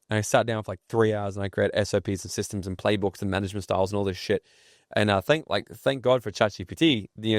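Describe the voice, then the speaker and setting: A man's voice: lowish voice, no room sound, studio quality. An entrepreneur speaking as a podcast guest, blunt and profane, telling stories to make his points. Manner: blunt, swears freely, tells stories. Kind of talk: casual podcast interview.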